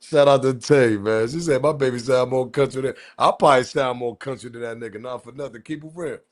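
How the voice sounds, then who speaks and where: A US East Coast man, accent intact, hosts a casual live-stream commentary channel, keeping his talk slangy and loose and tossing chuckling asides to his chat. His voice is medium-pitched and a little fast.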